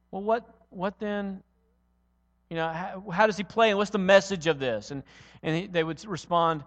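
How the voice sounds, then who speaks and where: A male preacher with a notably high voice delivers an earnest sermon. He tells stories and drives points home with repeated phrases. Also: a little fast, a bit bright, in a large hall. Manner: earnest, storytelling, with rhetorical repetition.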